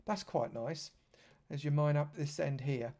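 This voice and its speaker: With a fairly high-pitched, darkish voice that runs a little slow, a man leads a live gameplay tour of a game server, chatting away and piling on effusive praise for what he shows.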